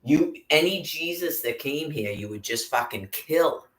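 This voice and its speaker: A woman's voice: low voice, expressive, a little slow. A woman in an agitated, profanity-filled angry monologue to camera. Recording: roomy echo.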